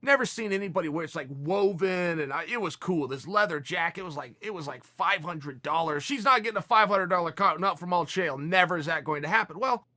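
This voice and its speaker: A man in his forties from Oregon telling a long story in casual, animated style, often restarting his sentences. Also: sits high, brisk, hardly any pauses, no room sound. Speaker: podcast host.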